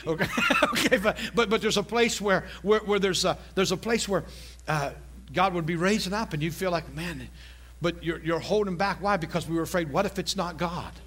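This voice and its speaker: A man's voice: high voice, a little fast, fairly bright tone. A man preaching a sermon in a chatty, joking way, often asking the congregation questions. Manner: conversational, jokey, asks the congregation questions.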